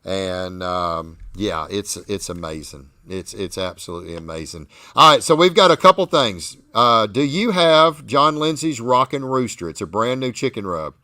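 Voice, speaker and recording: A man hosting a barbecue talk show, telling stories with animated enthusiasm. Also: lowish voice, normal speed, hardly any pauses, dry recording. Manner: animated, enthusiastic storytelling with frequent restarts. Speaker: podcast host. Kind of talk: casual chat.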